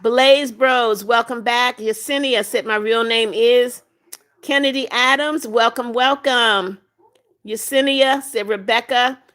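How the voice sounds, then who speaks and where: A woman's voice: a little high, slow pace, fairly bright tone. Motherly woman reading live chat. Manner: reads comments aloud, motherly, brief replies. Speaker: livestream host reading viewer comments. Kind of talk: casual live-stream chat.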